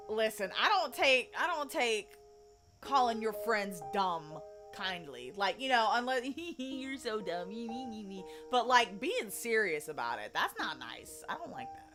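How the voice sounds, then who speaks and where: A woman's voice: fairly high pitch, bright, forceful tone. Playful Southern woman streamer. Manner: playful, laughing, teasing asides. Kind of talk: casual let's-play commentary.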